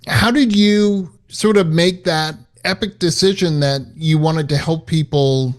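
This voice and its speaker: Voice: mid-range voice, unhurried. A podcast host asking a guest questions in an encouraging, affirming way. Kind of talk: interview chat.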